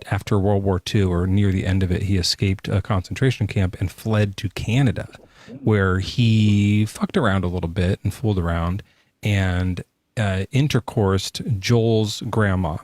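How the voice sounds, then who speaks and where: A man co-hosting a casual live podcast chat, joking crudely and talking in an animated way. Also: fairly low pitch, a little slow, no echo, studio quality. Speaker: podcast co-host.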